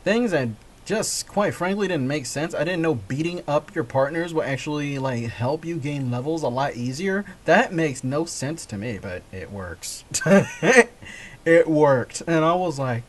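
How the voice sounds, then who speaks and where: In a fairly high, expressive voice and at a somewhat slow pace, a man delivers a casual gaming-vlog monologue. He rambles, chuckles frequently, and corrects himself as he goes.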